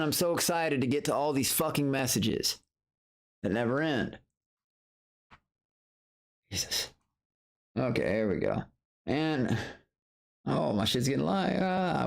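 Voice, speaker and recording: A man's voice: medium pitch, big pitch swings, unhurried, vocal fry, pauses often. A middle-aged man talking on a late-night livestream, blunt and profane, circling back over the same points as he rants. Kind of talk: casual late-night stream rant.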